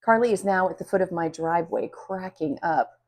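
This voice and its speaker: A woman reading a children's story aloud in an expressive, animated way. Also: on the low side, normal speed. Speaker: children's book reader. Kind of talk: storybook read-aloud narration.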